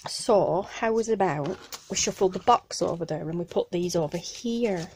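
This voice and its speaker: A woman's voice: lowish voice, normal speed, a little mellow, slight background noise. Chatty Northern English woman unboxing crafts. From Northern England. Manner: gushing, chatty, apologetic asides. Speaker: craft channel host. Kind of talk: casual unboxing vlog. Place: home craft room, indoors. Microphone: camera on a tripod.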